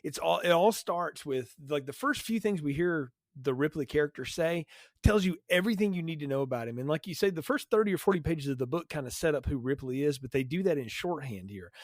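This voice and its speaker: A man's voice: on the high side, expressive, a little fast, no echo, studio quality. A man from the Southern United States co-hosting a podcast, chatting casually about films and rambling with fillers and restarts. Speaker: podcast co-host. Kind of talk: casual film review chat.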